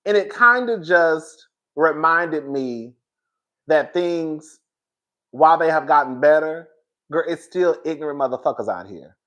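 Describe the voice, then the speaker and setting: A man's voice: on the high side, measured pace. A man giving casual, dramatic commentary on a reality show, talking straight to his viewers with emphatic repeats and frank swearing. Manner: animated, dramatic storytelling with emphatic repetition; swears freely and addresses listeners as "girl".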